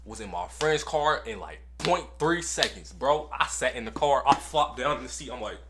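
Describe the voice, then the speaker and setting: Young male vlogger, casual slangy storyteller, mid pitch, animated delivery. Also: moderate pace, a little hiss or hum. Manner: animated, slangy, repeats phrases for effect.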